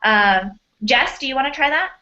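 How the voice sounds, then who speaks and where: A woman's voice: high voice, expressive, normal speed, bright, forceful tone, dull audio. A woman teaching an online class, upbeat and encouraging, heard over a video call.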